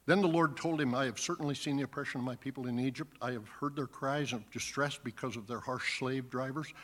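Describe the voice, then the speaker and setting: A man's voice: medium pitch, fairly bright tone. A man preaching a sermon, reading scripture aloud and then earnestly explaining it. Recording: long hall reverb.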